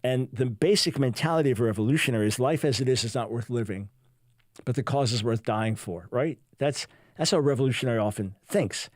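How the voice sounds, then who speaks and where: A man's voice: mid-range voice, brisk, darkish tone, no echo. A man hosting a talk radio show, delivering a sarcastic, mocking monologue in a studio. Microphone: studio microphone.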